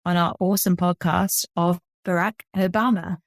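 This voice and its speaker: A woman's voice: on the low side, fairly even intonation, dry recording, clean studio sound. Playful female podcast co-host. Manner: playful, laughs often, halting restarts. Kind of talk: casual podcast chat.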